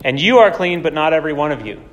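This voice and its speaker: A man's voice: a little high, animated, fast talker, natural voice. A man voicing a patient, authoritative male teacher in a sermon, earnestly explaining. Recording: long hall reverb.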